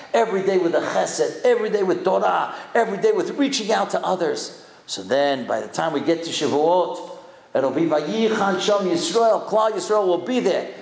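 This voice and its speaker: A man's voice: fairly high pitch, creaky. An older man, a rabbi, giving a sermon as an impassioned storyteller who urges his congregation with rhetorical questions. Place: hall with a congregation. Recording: echoey room.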